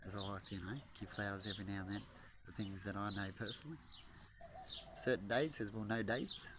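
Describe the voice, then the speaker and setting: A man's voice: lowish voice, steady tone, quick pace, background noise. A man vlogging outdoors in a backyard in a casual, jokey way, chatting to camera and to the birds. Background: birds chirping.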